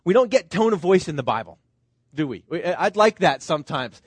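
A man's voice: a little high, sing-song, a little fast, slightly rough, dry recording. A middle-aged man, a pastor, preaching a sermon in an earnest, conversational way, full of rhetorical questions to the congregation.

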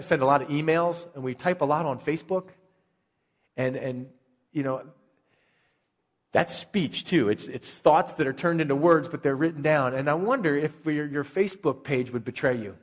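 A man's voice: medium pitch, moderate pace, long reverb tail. A male pastor preaching a sermon in a conversational way, asking rhetorical questions.

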